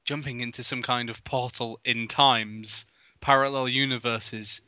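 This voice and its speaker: A man reading a badly written story aloud for comedy, mocking its spelling and bursting into loud, over-the-top dramatic lines. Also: medium pitch, steady tone, measured pace, clear, resonant tone, no room sound. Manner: bursts into loud exaggerated outbursts, mocks spelling. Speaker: comedy reader of fan fiction. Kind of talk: mock dramatic reading with commentary.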